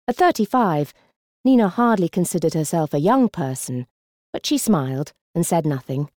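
Low-voiced woman reading a story. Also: lively intonation, normal speed, darkish tone, no echo, clean studio sound. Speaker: narrator. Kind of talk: audiobook narration.

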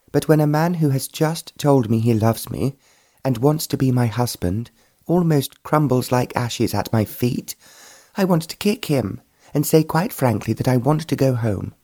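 A man's voice: medium pitch, expressive, a little slow, dark tone. A man voicing a spirited, scornful young woman in an audiobook reading. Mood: indignant.

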